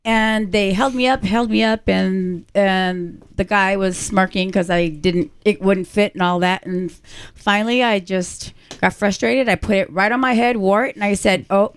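A woman on a casual podcast telling a lively travel anecdote, insisting on its truth. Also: mid-range voice, normal speed, clear, resonant tone. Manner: animated storyteller, insistent.

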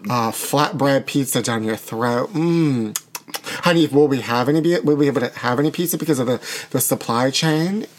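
A man's voice: medium pitch, moderate pace, slight background noise. A man hosting a talk show, chatting in a dramatic, gossipy way and calling people honey. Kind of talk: casual banter.

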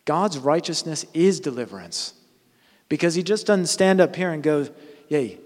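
A man's voice: on the high side, animated, moderate pace, a little mellow. Earnest preacher man in a reverberant hall. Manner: earnest, restarts and self-corrects. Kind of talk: conversational sermon.

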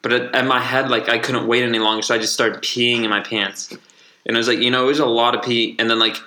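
A man's voice: mid-range voice, flat delivery, quick pace, pushed and bright, echoey room. A young man hosting a casual podcast, telling a profane, rambling story full of restarts. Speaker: podcast host.

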